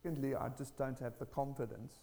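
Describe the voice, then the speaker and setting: A man preaching a sermon, telling a personal testimony in an earnest, animated way. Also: mid-range voice, quick pace, long reverb tail.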